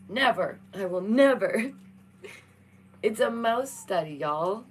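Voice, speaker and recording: A woman's voice: medium pitch, expressive, unhurried, slight background noise, poor audio. A young woman vlogging, reading science news aloud and joking with her cat in a playful, chatty way. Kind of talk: casual chat reacting to news.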